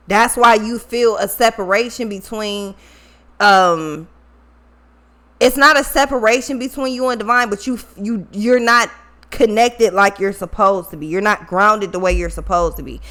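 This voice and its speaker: A woman's voice: mid-range voice, unhurried, fairly bright tone. A woman giving a casual tarot reading, blunt and swearing freely, repeating points for emphasis, with features. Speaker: tarot reader.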